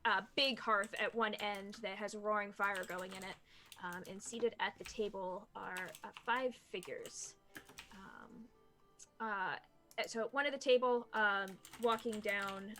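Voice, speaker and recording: A woman narrating as game master of a tabletop game, pausing often with fillers as she describes the scene. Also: mid-range voice, pushed and bright, slight background noise. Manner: halting, many fillers while describing scenes.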